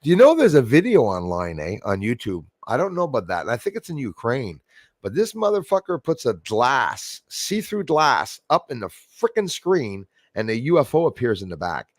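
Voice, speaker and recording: Rambling, excitable man on a dry mic. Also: medium pitch, dry recording. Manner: rambling, emotional, swears freely. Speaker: host. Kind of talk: casual livestream chat.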